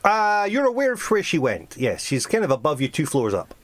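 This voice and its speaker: A man running a tabletop game as game master, telling the scene in an animated way and often breaking into laughter. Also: a little high, a little fast, no room sound. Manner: animated storytelling with sudden laughs.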